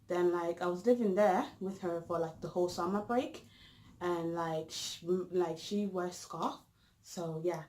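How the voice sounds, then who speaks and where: A woman's voice: on the low side, a little mellow, slight background noise, poor audio. A young woman, casually telling a storytime vlog with lots of fillers and restarts. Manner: rambling, full of fillers and restarts. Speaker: vlogger.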